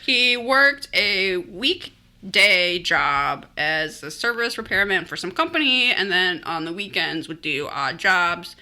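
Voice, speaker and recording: A woman co-hosts a podcast and tells a mystery story in easy, joking chat. Her voice is very bright and sharp-edged. Her pitch jumps around with lively energy. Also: slow pace. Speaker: podcast co-host.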